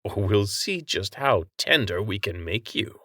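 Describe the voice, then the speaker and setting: A man voicing an older, taunting enemy leader who jeers and mocks in a slow, low voice. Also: animated, bright, forceful tone, dry recording, clean studio sound, exaggerated voice. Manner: taunting, jeering. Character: old jeering male enemy leader.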